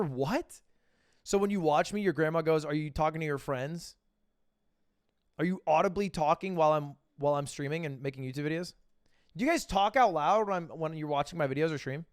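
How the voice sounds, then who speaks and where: A man's voice: on the high side, lively intonation, normal speed, no room sound, studio quality. A man in his twenties hosting a stream, joking in casual chat and laughing often. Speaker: streamer host. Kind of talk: casual chat while reacting to posts.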